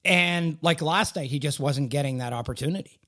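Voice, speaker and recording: Man, fairly high voice, casual podcast banter, self-deprecating, halting restarts. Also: sharp tone. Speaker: podcast co-host. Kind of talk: casual chat.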